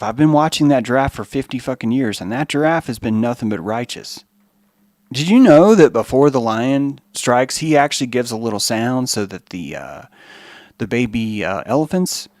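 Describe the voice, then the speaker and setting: A man hosting a podcast, giving an animated, profane, rambling monologue. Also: medium pitch, no room sound. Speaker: podcast host.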